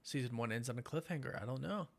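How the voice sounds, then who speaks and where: A tired young man hosts a late-night live watch party stream, speaking quickly in a mid-range voice with vocal fry. He rambles casually, full of fillers, and enthusiastically, warmly thanks his viewers.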